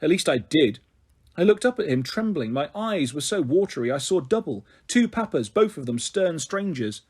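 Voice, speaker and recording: High, lively, husky man reading a story. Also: normal speed, hardly any pauses. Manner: expressive storytelling. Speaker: story reader. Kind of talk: reading a children's novel aloud.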